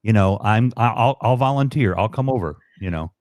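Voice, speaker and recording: A man's voice: lowish voice, animated, fairly quick, darkish tone, no echo, studio quality. A man guest on a livestream, rambling and joking with lots of fillers. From United States. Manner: rambling, jokey, many fillers. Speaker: livestream guest, fellow broadcaster. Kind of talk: casual chat.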